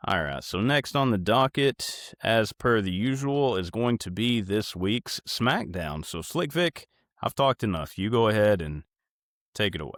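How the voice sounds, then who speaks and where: A man's voice: on the low side, expressive, a little slow, a bit bright, dry recording, studio quality. A man co-hosting a podcast, talking in a loose, rambling way full of "like" and restarts. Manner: loose, rambling, uses lots of "like". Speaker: podcast co-host. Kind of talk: casual podcast banter.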